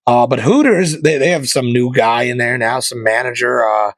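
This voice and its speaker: A man's voice: medium pitch, fairly even intonation, moderate pace, a bit bright, no echo. A male comedian hosting his podcast, delivering a sarcastic, conspiratorial comic rant. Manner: sarcastic, conspiratorial, mocking voices of corporations.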